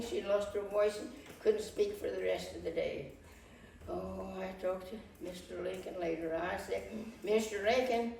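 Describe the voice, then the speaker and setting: A woman in her nineties playing a fretful Civil War-era first lady in a first-person monologue, halting and often restarting her words. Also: mid-range voice, creaky. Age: 90s. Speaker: historical portrayer. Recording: echoey room from far off, faint noise.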